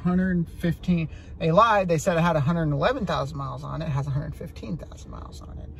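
A man's voice: on the high side, quick pace, vocal fry. A man chatting casually about buying a used car, blunt and joking, swearing freely, recorded in and around a car. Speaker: car buyer. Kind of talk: casual chat. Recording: vlog audio with loud traffic noise.

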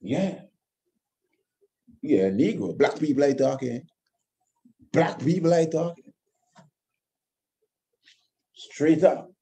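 A man's voice: fairly high pitch, slow, pauses often, mellow. A man delivering an impassioned monologue, emphatic and repetitive, firing rhetorical questions. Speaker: host of his own channel.

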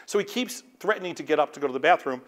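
A man with a slightly higher voice tells a story on stage as the host. He is animated, acting out each quoted line as he goes. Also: rapid-fire. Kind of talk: anecdote told on stage.

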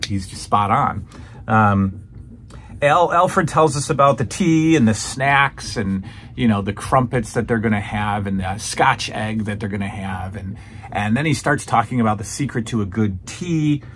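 A man's voice: medium pitch, a bit bright, a little hiss or hum. Rambling man in casual chat. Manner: rambling, many restarts and fillers. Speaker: podcast host reviewing old wrestling shows.

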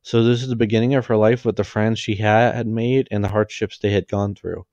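A man reading a fan story aloud, halting and correcting himself as he goes. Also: fairly low pitch, fairly even intonation, darkish tone, dry recording, lo-fi sound. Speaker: fanfiction reader.

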